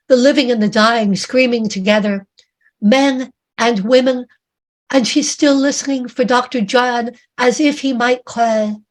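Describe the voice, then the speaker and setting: A woman author reads her own fiction aloud at an unhurried pace. Her delivery is measured and dramatic. She lets each phrase land before moving on. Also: a little high. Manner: slow, measured dramatic reading.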